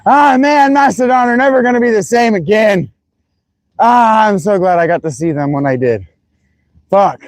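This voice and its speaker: A man's voice: high voice, expressive, moderate pace, no echo, poor audio. A man streaming, chatting casually and loosely, swearing as he muses aloud. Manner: loose and profane, musing aloud. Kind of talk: casual chat.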